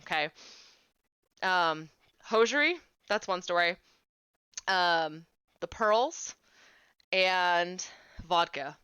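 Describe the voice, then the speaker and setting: In her late twenties, this woman streams games and chats casually with her viewers, telling stories packed with "like." Her voice sits lowish with a sharp edge, and the smooth recording has no room sound.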